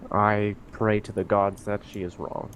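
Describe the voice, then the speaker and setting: A man's voice: lowish voice, little pitch movement, unhurried, a bit bright, a little hiss or hum. A man playing a young dwarf runesmith apprentice in a tabletop game, speaking in a solemn, formal way. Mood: grave.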